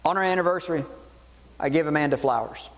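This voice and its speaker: A man preaching a sermon, animated and acting out voices in the dialogue he quotes. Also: a little high, fast, in a large hall. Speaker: pastor.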